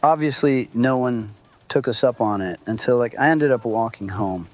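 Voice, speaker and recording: A man's voice: mid-range voice, normal speed. A man telling a true story from his own life in a loose, casual way, swearing and acting out what people said. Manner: loose and conversational, many fillers, swears, acts out quotes.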